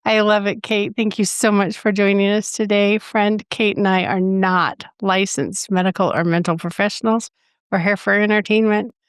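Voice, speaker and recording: A woman's voice: mid-range voice, steady tone, moderate pace, smooth, no room sound, clean studio sound. Affirming woman podcast host. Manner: enthusiastic, affirming. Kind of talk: interview hosting.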